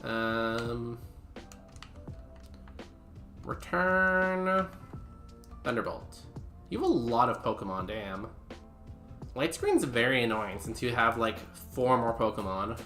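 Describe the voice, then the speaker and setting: A man's voice: medium pitch, big pitch swings, a little slow, fairly bright tone, reverberant, soft background music. A young man streaming a game and chatting casually with his viewers, rambling with lots of fillers. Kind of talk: casual live-stream commentary.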